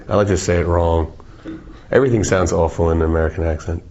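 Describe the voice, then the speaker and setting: A man's voice: low voice, fairly even intonation, fast talker, dull audio, background noise. A man in his forties from South Africa, chatting loosely in an interview, rambling, joking and swearing freely. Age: 40s. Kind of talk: casual interview chat.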